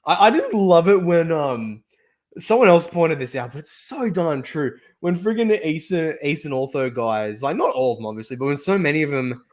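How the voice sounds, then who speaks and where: A man hosting a casual live stream, chatting in a jokey, animated way with frequent restarts. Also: on the high side, normal speed. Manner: jokey, animated, often laughs, many restarts. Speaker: stream host.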